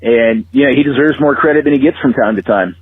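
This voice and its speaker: A man's voice: mid-range voice, fast talker, breathy edge. A man calling in to a fan podcast, giving a blunt, profane and emphatic rundown of his team's game. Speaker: phone-in caller. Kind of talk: phoned-in fan rant. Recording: tinny phone line.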